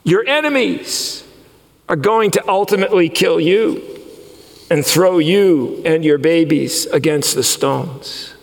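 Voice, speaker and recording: Male preacher, high gravelly voice, impassioned delivery, long hall reverb. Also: slow. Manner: impassioned preaching, voice rising and falling widely. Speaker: pastor. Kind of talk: sermon.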